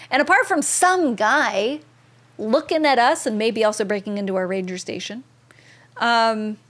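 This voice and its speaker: Young woman game streamer with a fairly high voice, chatty and upbeat, thanks viewers by name. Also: a bit bright. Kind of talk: casual live-stream commentary.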